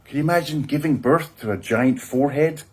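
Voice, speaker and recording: A man giving a rambling, deadpan satirical comedy review of a film, sardonic and self-mocking. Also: a little high, fairly quick, husky.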